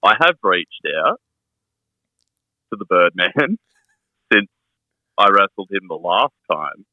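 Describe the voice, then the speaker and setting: A man's voice: deep voice, sing-song, takes it slowly, no echo, lo-fi sound. A man, a wrestler guest telling stories in casual podcast chat, swearing often and laughing. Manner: swears a lot, laughing storyteller.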